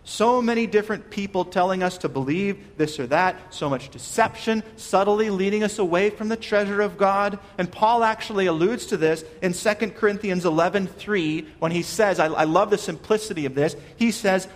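A man's voice: high voice, moderate pace, hardly any pauses, big-room sound. A man preaching a sermon, earnest and questioning, often restarting his words. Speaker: pastor.

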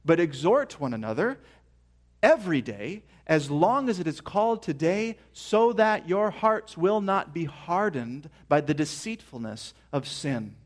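High-voiced earnest male pastor preaching. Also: measured pace. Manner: earnest preaching, rising to excited emphasis. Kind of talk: sermon.

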